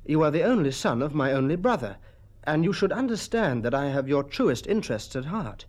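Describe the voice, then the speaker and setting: A man's voice: fairly high pitch, very animated, a little fast. A man doing a stern old army colonel. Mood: earnest. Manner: mild, then commanding. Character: stern retired army colonel uncle, quick-tempered.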